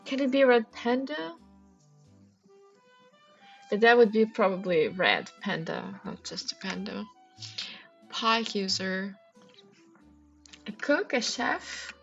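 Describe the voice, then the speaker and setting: Medium-pitched but gravelly and a bit bright, this woman's voice swings widely in pitch as she speaks slowly with long pauses. She's a streamer working through a crossword live, reading clues and musing aloud with lots of ums, over faint music on a dull lo-fi recording.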